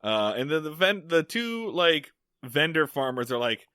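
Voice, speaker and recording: A man's voice: a little high, sing-song, unhurried, few pauses, pushed and bright, clean tone, dry recording, studio quality. A man co-hosting a podcast, recapping a sitcom episode in loose, profane, casual comedic chat. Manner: loose and profane, lots of fillers. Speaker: podcast co-host.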